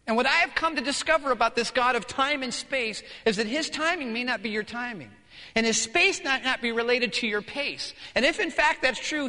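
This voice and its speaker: A man preaching a sermon as pastor, acting out scenes and swinging from hushed to shouting. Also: very high-pitched. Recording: long hall reverb.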